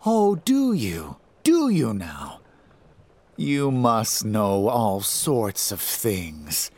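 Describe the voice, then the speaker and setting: A man voicing a sinister shapeshifting male demon who speaks slowly, softly and mockingly in a horror story. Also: fairly low pitch, huge pitch swings, exaggerated voice. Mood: taunting. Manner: slow, soft, taunting.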